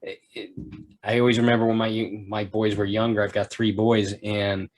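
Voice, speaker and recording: A man's voice: fairly low pitch, flat delivery, normal speed. A middle-aged man hosting a podcast in casual interview chat, encouraging and rambling with frequent restarts. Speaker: podcast host.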